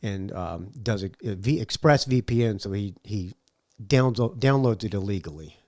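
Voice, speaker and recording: A man hosting a podcast in casual chat, low-key and dry-humored. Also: animated, moderate pace, a little mellow, no echo. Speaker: podcast host.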